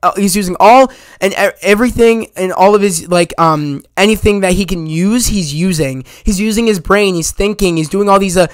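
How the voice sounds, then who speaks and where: A man giving a casual, excited spoiler review of a movie, retelling scenes in a rambling way with many restarts. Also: sits high, moderate pace, hardly any pauses, clear, resonant tone, no room sound.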